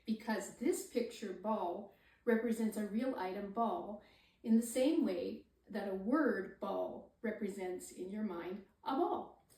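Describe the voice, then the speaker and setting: A woman parenting coach explains how to read with a baby, then slips into gasping, high, sing-song baby talk to demonstrate. Her voice is mellow and a little high, recorded from some distance in a roomy, echoing space. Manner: gasps and swoops up high when modeling talk to the baby. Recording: echoey room, somewhat far from the mic.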